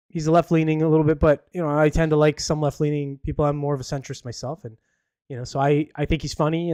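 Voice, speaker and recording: Guy doing a solo podcast, mid-pitch voice, lots of uhs and you knows, dry close sound. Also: darkish tone, no echo. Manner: rambling, full of fillers and restarts; opinionated and chatty. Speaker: podcast host. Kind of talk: casual solo news chat.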